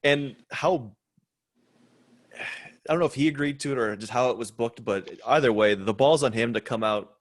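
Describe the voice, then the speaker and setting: A man co-hosting a casual podcast chat, laid-back and quick to laugh. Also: mid-range voice, no room sound. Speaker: podcast co-host.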